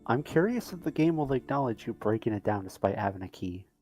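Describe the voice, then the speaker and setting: A man's voice: medium pitch, expressive, fast talker, a little mellow, faint music behind. A man chatting casually during a game stream, dropping in dry jokes. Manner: dry, joking interjections. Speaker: friend watching the stream. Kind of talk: casual chat.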